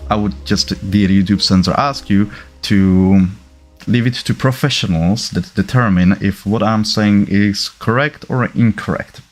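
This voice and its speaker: Chatty livestream host from czechia, halting and self-correcting, lowish voice. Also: male voice. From Czech Republic. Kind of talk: casual livestream commentary.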